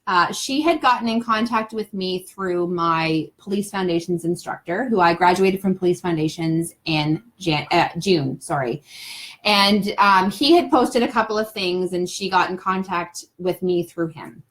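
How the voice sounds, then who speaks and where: A woman's voice: fairly low pitch, a little slow, fairly bright tone. A young adult woman talking as a guest on a casual live stream, talkative, rambling and heartfelt.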